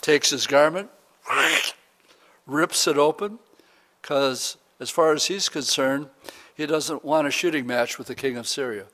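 A male preacher retelling a scripture story in a relaxed, conversational way, dropping in modern slang. His voice sits a little higher than most men's. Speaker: pastor. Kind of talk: sermon, retelling a Bible story.

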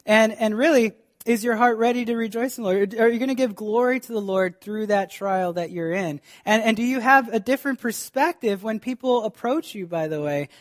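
Fervent pastor with a raised voice. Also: male voice, high voice, a little fast, few pauses. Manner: fervent, direct address to the congregation with frequent restarts. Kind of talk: sermon.

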